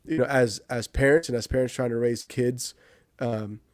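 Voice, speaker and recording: Co-host, male, chatty and rambling, dry close sound, plain mid pitch. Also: steady tone, normal speed, no echo. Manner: rambling, many restarts and "you know". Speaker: podcast co-host, movie reviewer. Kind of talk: casual chat.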